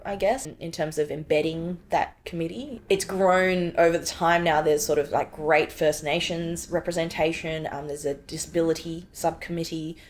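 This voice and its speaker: A woman in her thirties, a filmmaker and actor, talking in a casual interview with lots of "like" and "you know," telling stories animatedly and acting out her own reactions. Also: low-pitched. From Australia. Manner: animated storytelling, acts out her past reactions; frequent fillers like "like" and "you know".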